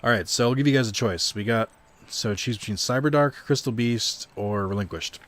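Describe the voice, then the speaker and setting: A man's voice: mid-range voice, brisk, a bit bright. A young man casually commenting on a card video game stream, rambling and self-deprecating, swearing now and then.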